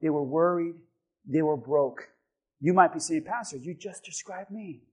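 A man preaching a sermon as pastor, telling a story calmly and then building to shouted exhortation. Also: fairly high pitch, moderate pace, breathy edge.

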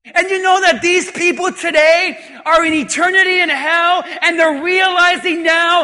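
A man preaching a sermon in an emphatic, often shouting manner, calling out to the congregation. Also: very high-pitched, fairly even intonation, unhurried, long reverb tail. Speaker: pastor.

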